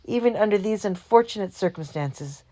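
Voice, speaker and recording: A woman's voice: mid-range voice, lively intonation, moderate pace, mellow, voice pushed up, natural voice. A woman voicing a male truck hijacker who speaks in an overly polite, formal way.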